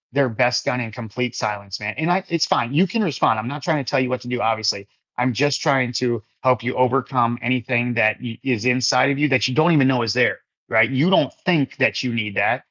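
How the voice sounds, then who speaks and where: A man's voice: medium pitch, a bit bright, no echo, dull audio. A man hosting a casual faith livestream, reading viewers' comments aloud and answering them in an earnest, encouraging way. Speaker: livestream fellowship host.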